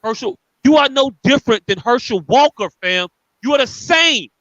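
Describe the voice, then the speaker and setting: A high, bright male voice drives an angry, profane rant on a podcast. He circles back to the same points again and again. The recording is dry and a little dull, like lo-fi podcast audio. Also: expressive, normal speed, no echo. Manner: angry, profane, repetitive ranting. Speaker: podcast co-host.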